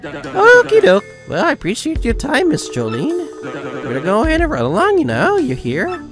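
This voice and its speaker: A loud, swooping showman of a wrestling promoter with a folksy drawl, as a man puts him on. The pitch leaps all over the place, and the music of a game plays clearly behind him. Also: huge pitch swings, moderate pace, exaggerated voice. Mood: boisterous.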